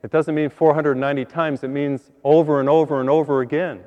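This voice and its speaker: A priest giving an earnest sermon, repeating words and building to higher emphasis on key points. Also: male voice, little pitch movement, brisk, in a large hall, narrow, tinny audio, soft background music. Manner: earnest, repeats words, rises in pitch when stressing a point.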